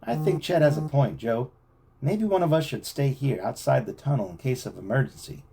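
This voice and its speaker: A man's voice: medium pitch, expressive, moderate pace, creaky, dark tone, a little hiss or hum, pitched above the performer's own voice. A man reading aloud, voicing a serious, level-headed teenage boy. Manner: serious, reasoning.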